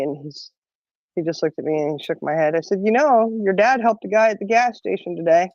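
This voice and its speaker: A woman's voice: lowish voice, fairly quick, a little mellow, no echo, dull audio. A middle-aged woman telling a long story in casual chat, rambling and laughing often. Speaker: podcast co-host.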